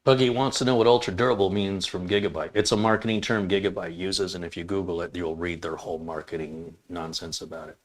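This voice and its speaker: A man's voice: deep voice, steady tone, quick pace, hardly any pauses. A man hosting a casual Q&A, answering viewer questions in a blunt, opinionated way that rambles with restarts. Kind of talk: casual live Q&A.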